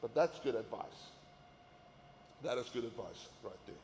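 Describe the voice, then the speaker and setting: A man's voice: mid-range voice, expressive, measured pace, a little mellow, slight background noise. A man giving an earnest sermon-style talk to men, often repeating words as he pushes a point. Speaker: men's ministry teacher. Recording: echoey hall with faint ambience.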